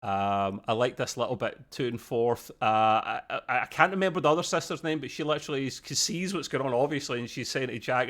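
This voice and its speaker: Chatty man reviewing a show. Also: medium pitch. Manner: chatty, animated, laughs often, quick quoted voices. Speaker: podcast host reviewing a TV episode. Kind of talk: casual review chat.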